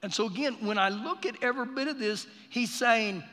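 A man preaching a sermon during a live church service, telling stories with passion and building to shouts. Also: sits high, lively intonation, fairly quick, few pauses. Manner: impassioned, storytelling, swells to shouting. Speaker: pastor. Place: church sanctuary. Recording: live service in a reverberant hall.

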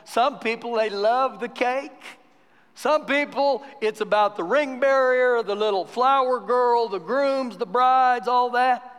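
High-voiced preaching pastor in reverberant church. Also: male voice, takes it slowly, a bit bright, smooth. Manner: conversational storytelling building to emphatic preaching. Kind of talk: sermon. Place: church sanctuary during a live service. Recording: long church hall reverb.

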